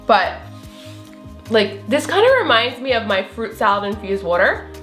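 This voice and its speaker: A woman's voice: a little high, lively intonation, normal speed, a bit bright, echoey room, faint music behind. A woman with a slight Southern accent chatting casually through a recipe demo, full of fillers and little laughs. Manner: chatty, filler-heavy, giggly. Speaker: recipe vlogger.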